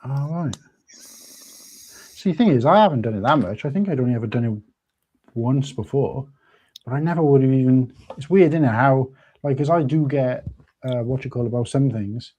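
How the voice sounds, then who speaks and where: Brief: male co-host, mellow tone, teasing casual chat. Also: medium pitch, dull audio. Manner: teasing, quizzical, quick remarks. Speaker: livestream co-host.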